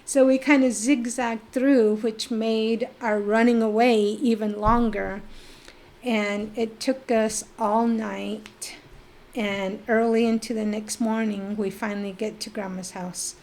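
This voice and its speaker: Animated storytelling woman, a bit high. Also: slow pace. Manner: animated storyteller who acts out remembered voices. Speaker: podcast guest. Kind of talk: personal storytelling in a casual interview.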